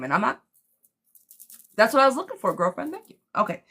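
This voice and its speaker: A woman's voice: fairly high pitch, sing-song, brisk, bright, forceful tone. A woman giving a live-streamed tarot reading in a chatty, blunt way, speaking straight to the viewer. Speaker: tarot reader.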